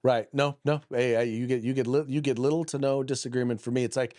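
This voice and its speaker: A man's voice: mid-range voice, steady tone, fast talker, few pauses, a little mellow. Guy ranting on a political podcast, blunt and combative, trips over his words, mid-range voice. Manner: combative, repeats words and restarts often; reads news articles aloud. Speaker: podcast host.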